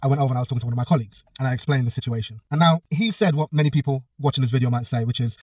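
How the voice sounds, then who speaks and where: A man's voice: medium pitch, very fast, few pauses, darkish tone, no echo, distant mic. A man, a personal trainer telling a story in a casual vlog, blunt and swearing freely. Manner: blunt, swears a lot, acts out both sides of a quarrel.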